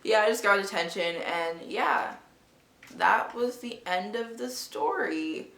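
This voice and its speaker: A woman's voice: mid-range voice, unhurried, vocal fry, a bit bright. A woman vlogger telling a story in a casual, dramatic way, swearing freely. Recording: echoey room, faint music.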